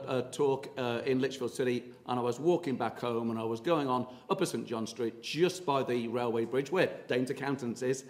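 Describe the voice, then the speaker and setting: A man gives a history talk to an audience, telling anecdotes in a chatty, halting way with plenty of ums and uhs. His voice sits at an ordinary middle pitch. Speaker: tour guide and historian giving a talk.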